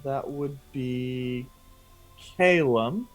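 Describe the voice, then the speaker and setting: A man's voice: mid-range voice, extremely slow, faint music behind. A man narrating as game master, hesitant and full of fillers.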